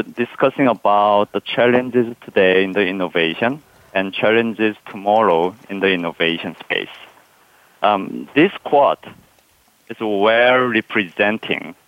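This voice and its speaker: A man's voice: fairly low pitch, no room sound. A man speaks as a panel guest. He searches for words and restarts often. The sound is dull and dry, with no room around it. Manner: hesitant, many fillers and restarts. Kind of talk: conversational interview answer.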